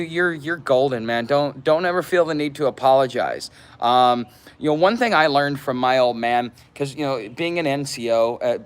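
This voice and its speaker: A man's voice: mid-range voice, clean tone. A man vlogging in a casual, unscripted monologue, rambling with many fillers and restarts.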